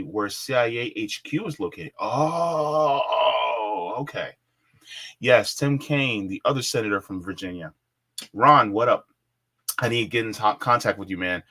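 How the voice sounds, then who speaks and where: A man's voice: on the low side, pushed and bright. Laid-back man host reading super chats. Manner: laughs often, loose and joking. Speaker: livestream host. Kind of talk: casual chat reading viewer super chats. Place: indoors in Florida.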